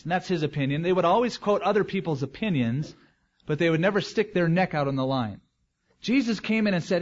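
A man's voice: high-pitched, lively intonation, brisk, dull audio. A man as pastor, preaching a verse-by-verse expository sermon in a conversational way with joking asides.

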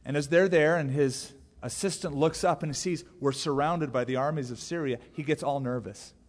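A man preaching a sermon as a pastor, telling the story in a lively way and briefly acting out the characters' lines. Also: on the high side. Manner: animated storytelling, acting out the characters in quick voices. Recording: long hall reverb.

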